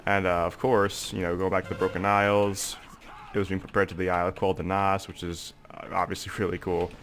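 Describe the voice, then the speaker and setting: A man's voice: deep voice, little pitch movement, brisk, a bit bright, slight background noise. A young man with a congested, stuffy voice, rambling in casual gameplay commentary with lots of "like" and "um" fillers. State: congested, sore throat. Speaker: gaming video creator.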